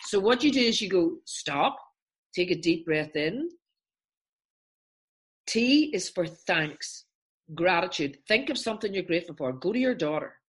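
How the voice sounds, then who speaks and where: Animated woman therapist explaining a technique. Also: lowish voice, normal speed. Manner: animated, acts out examples in voices. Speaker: therapist guest.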